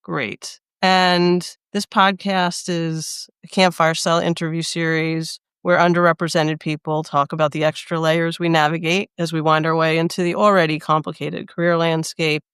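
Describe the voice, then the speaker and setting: A woman hosts an interview podcast and keeps her tone upbeat and encouraging. Her voice is smooth and clear. The recording is dry and close. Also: sits low, level tone, moderate pace, hardly any pauses, a bit bright, no echo. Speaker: podcast host. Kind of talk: interview hosting.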